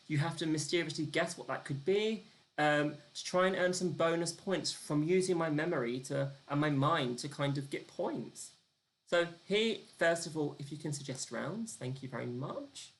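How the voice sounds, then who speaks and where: A live-streamed quiz host with a medium-pitched voice speaks at a moderate pace, chatting and making fun of themselves. They count down the clock and read out both the answers and the leaderboard.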